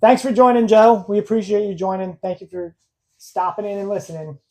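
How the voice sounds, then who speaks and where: A woman's voice: mid-range voice, fairly even intonation, fairly quick, dark tone. A young adult woman co-hosting a casual podcast, a blunt, rambling storyteller who laughs at herself. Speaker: podcast co-host. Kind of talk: casual podcast chat, live-streamed.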